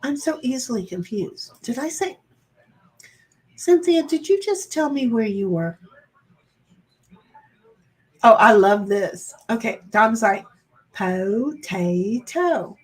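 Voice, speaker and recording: A woman's voice: on the high side, expressive, slow pace, pauses often. A woman hosting a livestream alone, chatting casually with her viewers, reading out their comments and rambling in a playful, self-deprecating, confused way.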